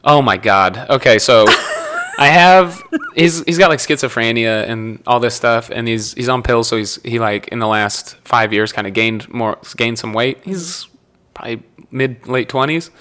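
A man's voice: medium pitch, measured pace, sharp tone. A young man from Nebraska chatting casually as a podcast guest, rambling through stories, correcting himself and laughing often. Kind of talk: casual chat.

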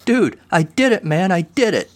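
A man reading the lines of a lonely, excitable adult male friend in a short story, swinging between loud excitement and flat quiet. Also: medium pitch, normal speed, voice pushed up, close to an everyday voice. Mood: giddy. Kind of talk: read-aloud short story dialogue.

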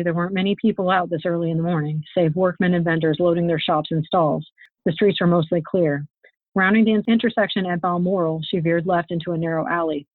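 A woman author reading her own fantasy novel aloud in a steady, expressive storytelling manner. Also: lowish voice, dry recording. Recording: tinny phone-like, dry sound.

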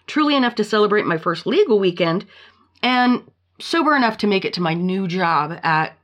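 A woman hosting a casual podcast, retelling a story in a blunt, profane, animated way. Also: medium pitch, moderate pace. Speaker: podcast host.

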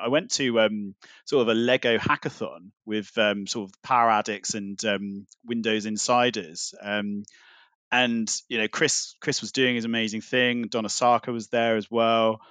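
A man's voice: mid-range voice, fairly bright tone, dry recording. A man chatting casually as a podcast guest, telling a long story with many fillers and restarts. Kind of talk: casual chat.

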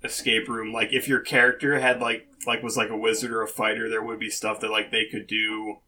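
A man's voice: fairly low pitch, little pitch movement, a little fast, pushed and bright. A man co-hosting a podcast, explaining ideas in casual, hesitant chat with many fillers. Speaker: podcast co-host.

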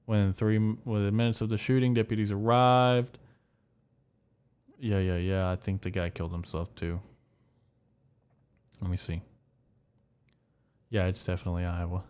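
Young male podcast host, deep and clean-toned, deadpan, crude and rambling. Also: moderate pace, pauses often, smooth. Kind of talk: solo comedic podcast monologue.

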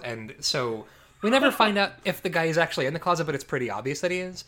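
A man casually reviewing a film with a friend, animated and sarcastic, swearing often. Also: on the high side, fairly quick. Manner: animated, sarcastic, swears, puts on mobster voices. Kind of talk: casual movie review chat.

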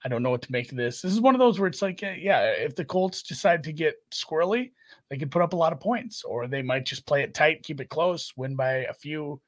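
A man's voice: a little high, brisk. A man co-hosting a casual sports betting show, talking games with wry asides. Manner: animated, wry, swears casually. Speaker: podcast co-host.

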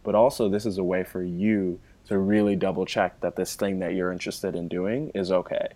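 A man's voice: sits low, flat delivery, brisk, mellow. A man talking at length as an interview guest, with a casual, explanatory manner full of "you know" fillers.

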